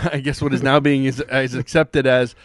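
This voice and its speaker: A man's voice: mid-range voice, flat delivery, normal speed, dry recording, studio quality. A man hosting a podcast, chatting casually in a rambling, joking way with plenty of fillers. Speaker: podcast host. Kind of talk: casual chat.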